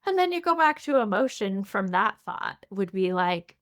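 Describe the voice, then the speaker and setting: A woman's voice: on the high side, animated, normal speed, few pauses, sharp tone. A woman teaching a mindfulness class, talking in a conversational way and asking her listeners many guiding questions. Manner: conversational, asks many guiding questions, frequent "you know" and "right". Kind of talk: recorded class lecture.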